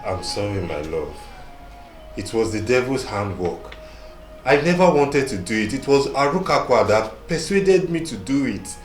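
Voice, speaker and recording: A man's voice: mid-range voice, sing-song, unhurried, faint music behind. A man with a Nigerian English accent acting in a film drama, begging his partner for forgiveness over and over. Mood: pleading. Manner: begging, repetitive and desperate. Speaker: pleading husband.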